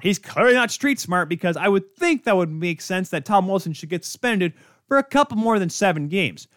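A man's voice: high-pitched, fairly bright tone, dry recording, studio quality. A man hosting a sports podcast, ranting in an exasperated, sarcastic way. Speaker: podcast host. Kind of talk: heated sports rant.

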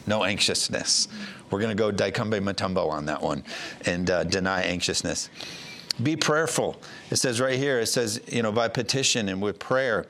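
A man's voice: on the low side, normal speed, fairly bright tone, a little hiss or hum. A man from the United States, a pastor giving a conversational sermon, plain-spoken with frequent fillers and restarts.

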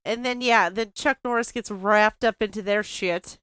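A woman's voice: medium pitch, moderate pace, a bit bright, clean tone, no room sound. A woman in casual chat about a movie, adding dry, brief comments.

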